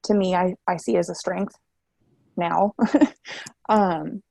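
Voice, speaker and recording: A woman's voice: on the low side, steady tone, slow pace, creaky, warm tone, no echo. A woman in her twenties, a guest telling her story candidly in a chatty way, with many fillers. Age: 20s. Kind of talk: casual interview chat.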